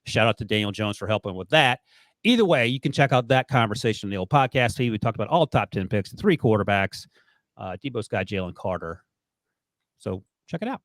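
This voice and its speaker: A man's voice: fairly low pitch, expressive, fairly quick, no room sound. A man hosting a sports podcast in a casual, playfully teasing way. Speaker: podcast host.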